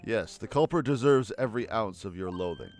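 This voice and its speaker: Man doing a haughty nobleman, icy, measured, low. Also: animated, a little mellow.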